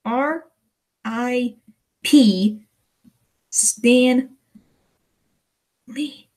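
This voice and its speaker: A woman from the United States hosting a casual livestream, hesitant and emotional, close to tears, with many pauses and restarts. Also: on the high side, a little mellow. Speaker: livestream host.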